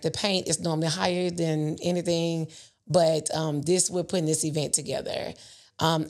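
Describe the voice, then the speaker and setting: Woman guest, low voice with fry, earnest and chatty. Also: darkish tone. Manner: earnest, laughs often. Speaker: guest, event business owner. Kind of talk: casual interview chat.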